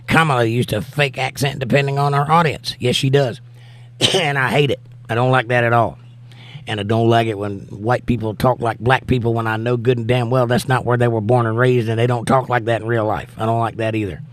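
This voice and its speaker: A man's voice: medium pitch, steady tone, fairly quick, no echo. A tired middle-aged man hosting a casual live stream, reading viewer comments aloud and answering them with laid-back, wry remarks. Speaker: livestream host.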